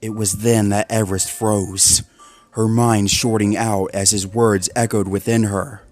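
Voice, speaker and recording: A man's voice: fairly low pitch, little pitch movement, a little slow, a little mellow, soft background music. Man narrating a horror story.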